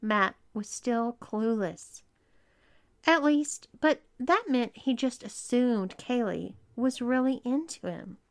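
A woman narrating an erotic story in a slow, unhurried read. Her voice sits a little high for a woman, and she keeps her delivery even and measured throughout. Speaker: erotica reader.

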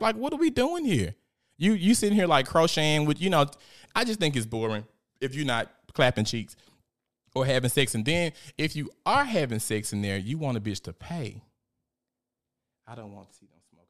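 On a laid-back live stream, the young man hosting reads out comments from viewers, chatting with lots of energy and plenty of swearing. He speaks at a medium pitch.

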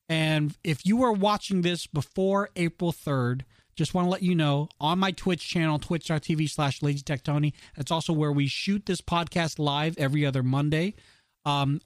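A man co-hosting a casual podcast, telling a story with many restarts and lively quoted voices. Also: fairly high pitch, dry recording, studio quality. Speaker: podcast co-host.

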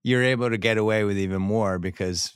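Podcast host guy from boston, lowish voice, jokey asides, dry mic. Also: fairly even intonation, a little fast, clean tone, no echo. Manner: chatty, joking asides. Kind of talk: casual interview chat.

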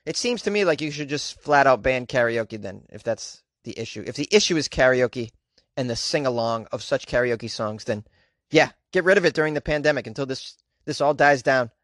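A man's voice: mid-range voice, animated, brisk, a bit bright, no echo, clean studio sound. Man rambling through news commentary. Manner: rambling, rhetorical questions, joking.

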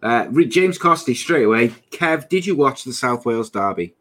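A man's voice: medium pitch, animated, normal speed, a bit bright. A young man hosting a casual live podcast, upbeat and chatty as he reads out viewer comments. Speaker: podcast host.

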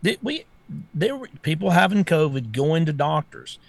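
Blunt gravelly man. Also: a little high, big pitch swings, normal speed, dry recording. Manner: blunt, exasperated, stammering restarts. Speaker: co-host. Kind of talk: casual political talk show.

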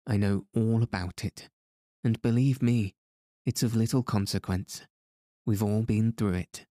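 A man voicing a gentle, earnest older sister in an audiobook, reading her lines slowly and plainly. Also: fairly low pitch, fairly even intonation, no room sound, clean studio sound, natural voice.

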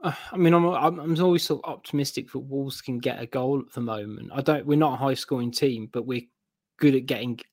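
A man guesting on a casual podcast, talking things through in a rambling, hedging way. His voice sits at an ordinary middle pitch. The sound is dry and close. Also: fairly quick, no echo. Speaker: guest football fan.

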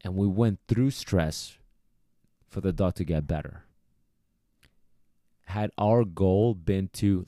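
Deep, mellow-voiced man coaching casually. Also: unhurried, long pauses, no echo, clean studio sound. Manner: chatty, coaching, acts out quoted voices. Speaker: dog trainer. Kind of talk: casual podcast monologue.

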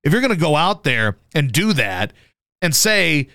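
A man hosting a radio show, chatting casually about sports in a profane, animated way and jumping into high yelps to mimic people. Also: moderate pace, clear, resonant tone, no echo, clean studio sound. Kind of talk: casual sports talk banter.

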